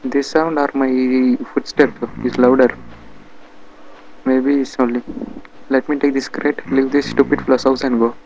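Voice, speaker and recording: Gravelly Indian English man doing a comic game dub. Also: mid-range voice, flat delivery, unhurried, a little mellow, lo-fi sound, a little hiss or hum. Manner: chatty, bickering, muttering to himself.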